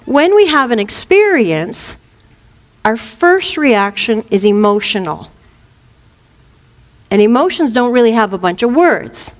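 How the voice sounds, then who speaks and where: A woman's voice: fairly high pitch, measured pace, pauses often, in a large hall. A woman, a reverend, giving an informal spiritual talk, telling stories and acting out quotes playfully. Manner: animated storytelling with playful acted-out quotes.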